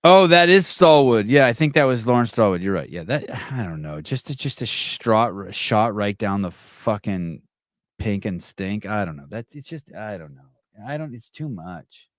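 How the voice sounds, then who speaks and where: A man hosts a casual podcast livestream, his voice sitting very low. He rambles wryly and swears freely. The sound is close and dry, with almost no room in it. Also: lively intonation, moderate pace, dry recording. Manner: rambling, profane, wry. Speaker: podcast host.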